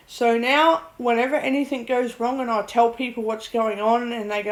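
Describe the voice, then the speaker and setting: A woman's voice: on the high side, fairly even intonation, measured pace, rough recording. Blunt woman venting. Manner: blunt, swears, laughs at her own ordeal. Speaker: vlogger. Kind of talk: rambling personal vent.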